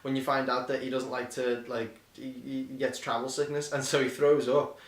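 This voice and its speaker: A man's voice: mid-range voice, little pitch movement, moderate pace, recorded from a distance. A man co-hosting a podcast, reviewing a film in casual, rambling chat full of swearing and restarts. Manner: rambling, profane, acts out quotes in silly voices. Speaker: podcast co-host. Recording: echoey room, slightly off-mic.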